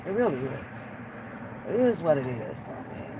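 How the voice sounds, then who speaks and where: A woman's voice: low voice, very animated, normal speed. A woman hosting a reaction channel, ranting in blunt, profane, exasperated commentary. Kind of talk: unscripted commentary rant. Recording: faint background noise.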